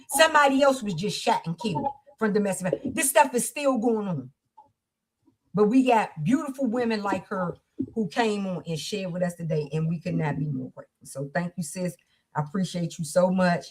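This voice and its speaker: A woman's voice: mid-range voice, normal speed. A woman hosting a livestream support circle, speaking in a fervent, preacher-like way. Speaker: host. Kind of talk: livestream talk.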